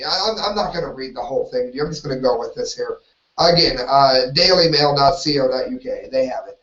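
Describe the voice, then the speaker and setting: A man's voice: a little high, a bit bright. A man hosting a solo live talk show, rambling and opinionated, often stopping himself mid-sentence. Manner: rambling, opinionated, self-interrupting. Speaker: host. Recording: roomy, distant, dull lo-fi audio.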